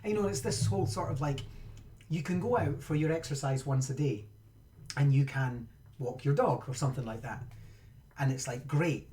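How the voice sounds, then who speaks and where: A man's voice: on the high side, darkish tone, slight background noise. A man, chatting casually and rambling as he teaches a live-streamed game lesson, often breaking off mid-sentence. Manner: chatty, rambling, self-interrupting.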